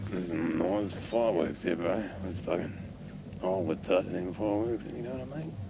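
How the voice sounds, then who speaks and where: A man's voice: low voice, measured pace, vocal fry, background noise. A young man doing an improvised comedy rant, crude and rambling, tagging lines with mate and eh. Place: outdoor music festival.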